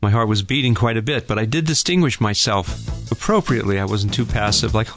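A middle-aged man, a couples therapist, hosts a radio talk segment and tells a personal story in a calm, folksy way to listeners he calls folks. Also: lowish voice, fairly quick, faint music behind.

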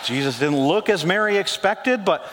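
A man preaching a sermon as pastor, animated and joking, dropping his voice low for quoted lines. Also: normal speed, background noise. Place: church sanctuary. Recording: long hall reverb.

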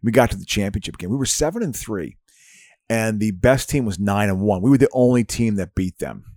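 A man's voice: on the low side, lively intonation, fairly quick, darkish tone, dry recording, studio quality. A middle-aged man telling rambling sports stories in a casual chat, with many restarts. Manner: rambling storyteller with frequent restarts.

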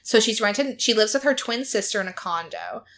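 A woman with a bright, forward voice tells a story in a casual chat. She keeps talking, fills her lines with "like" and acts out what people said. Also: on the high side, expressive, moderate pace. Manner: chatty storytelling, acting out quotes, frequent "like". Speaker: podcast co-host recapping a reality show.

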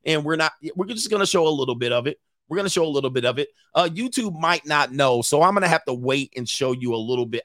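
A man's voice: on the high side, a bit bright, no room sound, clean studio sound. A middle-aged man, a dating coach, doing slangy, joking live reaction commentary with laughing asides.

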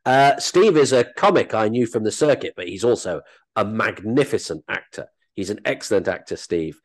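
A man who works as an actor and comedian, telling animated, self-deprecating anecdotes as an interview guest. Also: on the low side, normal speed.

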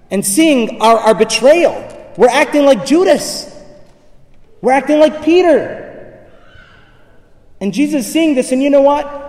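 A man's voice: high-pitched, darkish tone. A male priest preaching a sermon with impassioned, repeated rhetorical questions, recorded from far off in a church. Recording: echoey church hall from far off.

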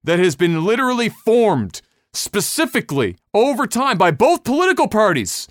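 A man's voice: high-pitched, wildly swooping pitch, normal speed, no room sound, clean studio sound. A man hosting a casual podcast, ranting bluntly and heatedly with lots of swearing. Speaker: podcast host.

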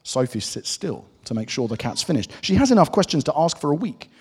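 A male preacher with a husky voice talks to his congregation in an easy, joking way. His pitch swings widely, and the sound rings with the long echo of a hall. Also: big pitch swings, fairly quick. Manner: warm, conversational and joking preaching. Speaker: pastor. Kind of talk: sermon. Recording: echoey hall.

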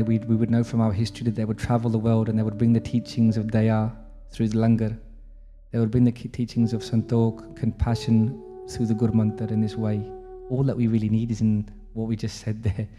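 A man's voice: mid-range voice, warm tone. Reverent man telling a devotional story. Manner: reverent, intimate storytelling with quoted prayers. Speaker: religious teacher. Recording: faint music under reverberant room.

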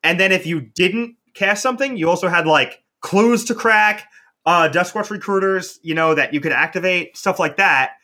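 A man's voice: high-pitched, normal speed, pushed and bright. A man talking casually as a competitive card game player on a podcast, with frequent "like" fillers. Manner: chatty, heavy use of "like".

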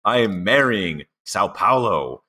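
Deep, bright-voiced male podcast co-host. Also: expressive, slow pace. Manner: playful, cheeky. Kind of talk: casual podcast banter.

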